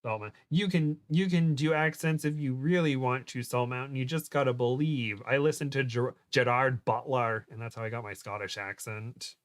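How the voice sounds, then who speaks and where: A man's voice: medium pitch, fairly even intonation, moderate pace, few pauses, no echo, clean studio sound. A man with an American accent, chatting casually as a guest on a livestream, laughing often and trailing off mid-sentence. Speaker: guest co-host.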